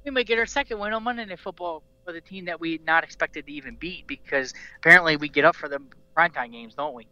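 A man's voice: fairly high pitch, fast talker, hardly any pauses, bright, forceful tone, no room sound, highs cut off. A man hosting a casual sports talk show, rambling passionately like a devoted fan and restarting his sentences often. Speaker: podcast host.

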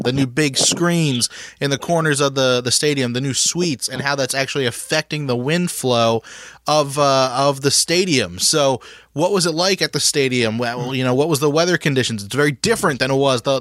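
A man's voice: medium pitch, a bit bright, no echo. A man hosting a sports talk show, asking loose, rambling questions with many fillers.

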